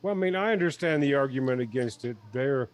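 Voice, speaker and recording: A man chatting casually on a live stream in a calm, measured way. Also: medium pitch. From United States. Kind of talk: casual chat.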